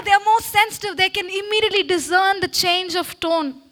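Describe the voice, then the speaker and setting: High, bright-voiced woman preaching. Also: fairly quick. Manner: exhorting, with frequent "Okay?" call-and-response. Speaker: speaker at a church meeting. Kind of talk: sermon-style talk to a congregation. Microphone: handheld microphone.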